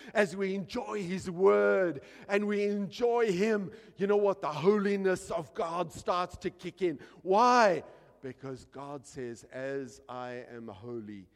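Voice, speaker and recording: A man preaching a sermon as pastor, animated, dropping quiet and then shouting, acting out little scenes. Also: high voice, big-room sound.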